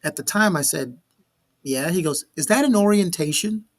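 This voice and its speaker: A man's voice: on the high side, normal speed. A man in his forties from Miami, Florida, hosting a live talk show and telling stories with acted-out dialogue. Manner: animated storyteller, acts out the dialogue. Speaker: show host. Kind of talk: casual chat on a live show.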